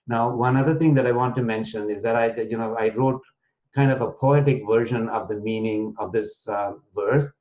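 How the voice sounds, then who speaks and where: A man's voice: medium pitch, steady tone, moderate pace, a little mellow. A man teaching an online class, explaining verses step by step with fillers and restarts, sometimes chanting lines. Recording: dull lo-fi online class audio.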